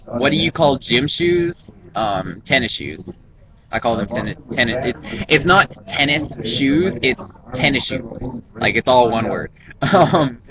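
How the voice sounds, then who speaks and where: A man with a Southern US drawl chats through a casual vlog, wandering and restarting his sentences. The recording is dull and lo-fi. A clear crowd murmur runs underneath him. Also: mid-range voice. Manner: rambling, chatty, frequent ums and restarts. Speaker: vlogger. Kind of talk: casual accent-challenge vlog.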